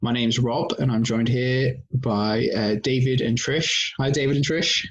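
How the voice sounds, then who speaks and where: A man hosting a poetry show, relaxed and a bit hesitant, speaking over an online call. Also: medium pitch, measured pace, lo-fi sound. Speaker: host. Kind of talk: casual chat.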